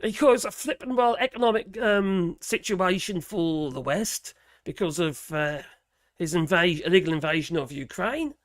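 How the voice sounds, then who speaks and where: Speaking at a moderate pace in a high, animated voice, this Norfolk-accented man from England chats bluntly and ramblingly through a casual live stream, full of restarts and slang. His voice is slightly strained, with a throat prone to mucus, and the recording is studio quality without room sound.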